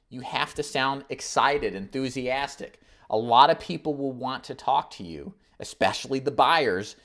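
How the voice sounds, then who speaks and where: A man's voice: medium pitch, fairly bright tone. A man teaching insurance agents in a live online training, coaching with energy and acting out phone scripts. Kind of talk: live webinar sales training.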